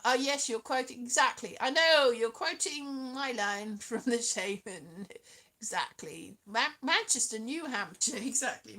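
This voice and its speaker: A woman from Wales chatting casually with her livestream viewers, rambling and playful, breaking into sing-song now and then. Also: a little high. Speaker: streamer. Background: loud piano music.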